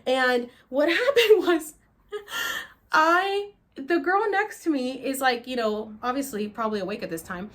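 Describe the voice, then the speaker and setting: A woman vlogger telling a story to camera in a casual, animated way, swearing freely and acting out her own cries and gasps. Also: high-pitched, a little slow.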